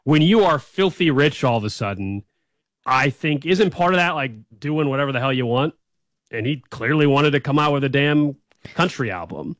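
A man co-hosting a casual talk show, chatting in an animated way with quick asides. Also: a little high, dry recording. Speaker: co-host. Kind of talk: casual chat.

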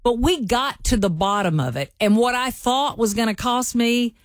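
A woman's voice: fairly high pitch, normal speed, dry recording, clean studio sound. A woman co-hosting a show, telling a rambling, folksy story in casual chat. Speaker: radio show co-host.

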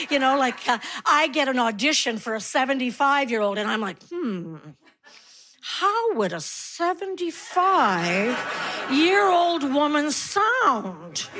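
A woman's voice: on the high side, fairly bright tone. A woman in her sixties doing stand-up comedy on stage, wry and self-mocking, acting out other people's lines. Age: 60s. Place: comedy stage before a laughing crowd.

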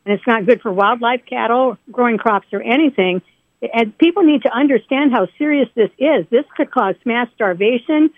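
A woman's voice: fairly high pitch, normal speed, no room sound. A woman from northern Indiana calling a radio show, speaking earnestly and urgently. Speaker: caller. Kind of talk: phone call to radio show. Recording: tinny phone line.

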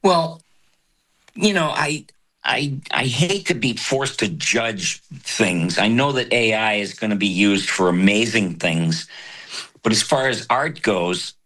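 An older man, a voice actor, talking in an interview in a reflective, halting way with many fillers. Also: fairly low pitch, sharp tone. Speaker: voice actor guest. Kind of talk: casual interview talk.

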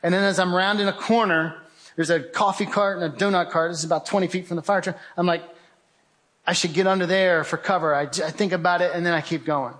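A man's voice: sits high, steady tone, quick pace, fairly bright tone. A man giving a vivid, urgent testimony talk, telling a survival story with remarks of faith. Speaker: guest speaker.

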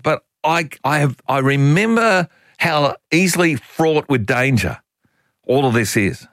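A man's voice: mid-range voice, normal speed, dry recording. An older Australian man hosting talkback radio, talking in a folksy, opinionated and exasperated way. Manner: animated, exasperated, folksy opinionated talk with laughs.

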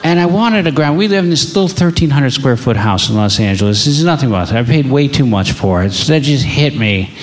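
A man's voice: mid-range voice, lively intonation, fairly quick, hardly any pauses, some chatter behind. A man doing stand-up comedy, telling stories about his family in an exasperated, profane way. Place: comedy stage with live audience.

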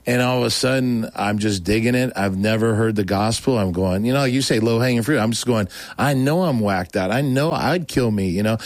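Rambling, low-voiced American man storyteller. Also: fairly quick, hardly any pauses, no room sound. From Oregon, US. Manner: rambling, animated, laughs often, voices others in quotes. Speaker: guest. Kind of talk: casual storytelling interview.

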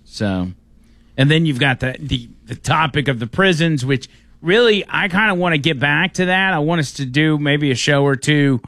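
A man hosting a radio talk show, speaking in a measured way with frequent halts and restarts. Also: a little high, fairly bright tone, no echo, clean studio sound. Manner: measured, halting, with many restarts.

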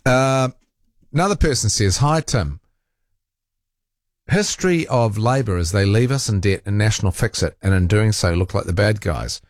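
A talk radio host, a man, works through listener messages and pushes back with a lot of energy, often correcting himself mid-sentence. His voice sits low but moves up and down freely. The studio sound is dry and close. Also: lively intonation, moderate pace, no room sound. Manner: argumentative, rambling and self-correcting. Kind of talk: casual radio talk, reading listener texts.

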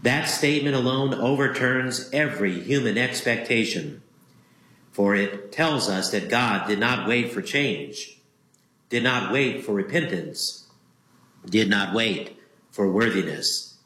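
A man preaching a sermon as a Lutheran pastor. He speaks in a measured, emphatic way and repeats key phrases for weight. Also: fairly low pitch, sharp tone. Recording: roomy echo.

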